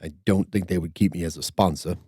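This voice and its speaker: A man's voice: low-pitched, steady tone, fast, warm tone, husky, no room sound, clean studio sound. An older man hosting a podcast, telling a rambling story with lots of stammered restarts. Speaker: podcast host. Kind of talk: casual storytelling chat.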